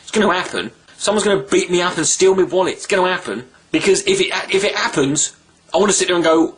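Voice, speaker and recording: A man telling a story in a casual vlog monologue, animated, rambling and swearing freely. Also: sits high, quick pace. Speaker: vlogger.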